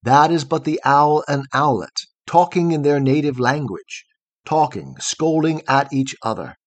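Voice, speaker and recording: A man reading as gentle old grandmother Nokomis. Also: fairly high pitch, lively intonation, measured pace.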